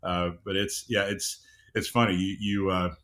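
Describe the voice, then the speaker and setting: A middle-aged man with a low, deep voice speaks as a podcast guest. He talks at an unhurried, measured pace and fills his pauses with "uh"s and small restarts. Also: flat delivery, a bit bright. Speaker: audiobook producer, guest. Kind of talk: casual interview chat.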